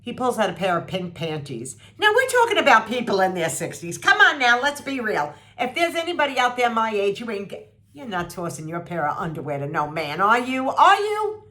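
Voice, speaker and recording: A woman's voice: very animated, brisk, sharp tone. A woman in her sixties venting to her viewers about a TV show, blunt, sarcastic and salty, mimicking people and jumping up in disbelief. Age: 60s. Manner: blunt and salty, mocking voices, swings pitch up in disbelief. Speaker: vlogger reviewing a TV show. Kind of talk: animated, sarcastic rant to camera.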